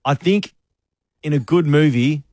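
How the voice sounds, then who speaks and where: A man's voice: on the high side, darkish tone, no echo. Man, radio co-host, teasing banter, dry close mic. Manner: playful, teasing, quick quips. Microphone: studio microphone.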